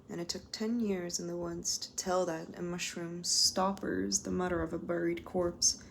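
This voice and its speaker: A woman reading poems aloud at home in a measured way, lingering on single words. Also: fairly low pitch, creaky, a little hiss or hum. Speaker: poetry reader.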